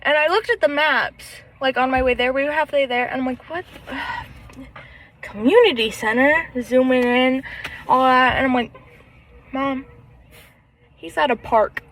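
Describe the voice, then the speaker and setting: A woman's voice: high-pitched, unhurried, pauses often, fairly bright tone, slight background noise, rough recording. A young woman co-hosting a casual podcast chat, telling a story with lots of laughter and acted-out quotes. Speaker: podcast co-host.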